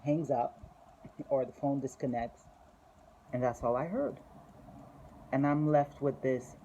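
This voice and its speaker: A woman's voice: a bass voice, a little slow, gravelly, warm tone, muffled recording, slight background noise. A woman telling a personal faith testimony in an earnest, conversational storytelling way. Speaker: testimony speaker.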